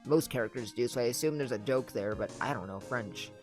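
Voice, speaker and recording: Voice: mid-range voice, a little fast, a little mellow, faint music behind. A let's-play host casually chatting between reading lines of a game's text aloud. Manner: reads game text aloud with asides. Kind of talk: casual game commentary.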